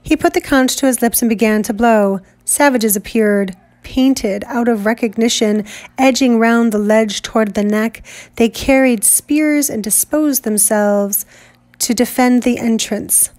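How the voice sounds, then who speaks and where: A woman teacher reading a novel aloud in a measured, deliberate way. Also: on the high side, a little mellow.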